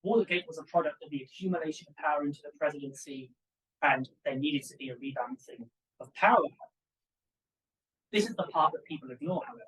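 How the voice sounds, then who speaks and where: A young man, a PhD student, giving an academic conference talk in an animated, emphatic way with asides to the audience. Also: on the high side, quick pace, recorded from a distance, rough recording. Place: conference room.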